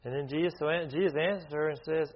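A man's voice: fairly high pitch, steady tone, fast talker. A man leading an informal Bible study, talking conversationally, often restarting his sentences and asking the group questions. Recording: dull lo-fi recording.

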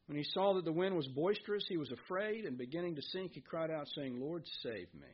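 A man's voice: on the high side, animated, fast talker, lo-fi sound. A man preaching a sermon as pastor, reading scripture and asking his listeners questions. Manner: earnest preaching, reads scripture aloud, asks the congregation questions.

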